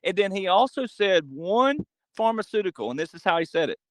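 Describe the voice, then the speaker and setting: Emphatic man, higher voice, dry sound. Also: sing-song, a little fast, no echo, rough recording. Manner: emphatic, rhetorical questions; acts out quoted voices. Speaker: podcast guest. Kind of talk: animated monologue.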